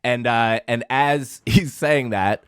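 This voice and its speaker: A man's voice: mid-range voice, slow pace, a bit bright, smooth, no room sound, studio quality. A man on a podcast mic telling a heated, profanity-laced story in casual chat, acting out what people said. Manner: heated, profane, acts out quotes.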